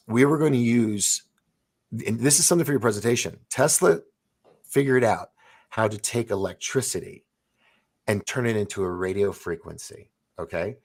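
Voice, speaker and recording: A man in his forties hosts a relaxed conversation, his voice sitting very low. He tells long stories in an excitable, rambling way, often restarting his sentences. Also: vocal fry. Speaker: host. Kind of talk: casual storytelling chat.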